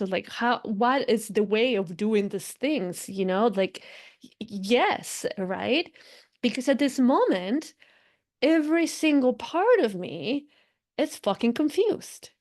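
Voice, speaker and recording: A woman hosting a spiritual podcast, musing in a casual, animated way, often acting out inner voices and laughing. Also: on the high side, slow pace. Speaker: podcast host and spiritual coach. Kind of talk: casual reflective monologue.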